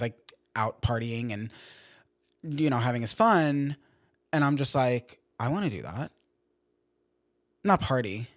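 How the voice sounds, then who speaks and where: Young male podcast host, slightly high voice, rambling and self-deprecating, dry recording. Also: no echo. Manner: rambling, lots of "like" fillers, self-deprecating venting. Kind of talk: casual chat.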